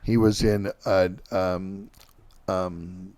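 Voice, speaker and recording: A middle-aged man hosting a podcast, telling band stories in a halting, casual way with lots of fillers and restarts. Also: deep voice, level tone, a little mellow, no echo. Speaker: podcast host and band singer. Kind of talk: casual rambling storytelling.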